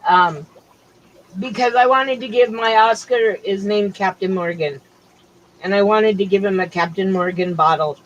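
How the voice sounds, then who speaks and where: Her voice mid-range and her pace moderate, a middle-aged woman chats aimlessly on a casual home livestream, drifting across subjects. The highs are cut off, with a little hiss or hum.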